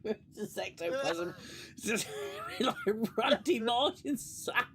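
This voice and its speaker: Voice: medium pitch, lively intonation, takes it slowly, gravelly, fairly bright tone, a little hiss or hum. A podcast co-host in casual chat, giggling and swearing through banter.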